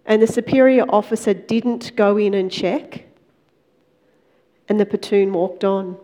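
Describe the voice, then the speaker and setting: A woman giving a Christian testimony, retelling a story in a conversational way, with lively quoted dialogue. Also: medium pitch, measured pace. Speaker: Christian speaker.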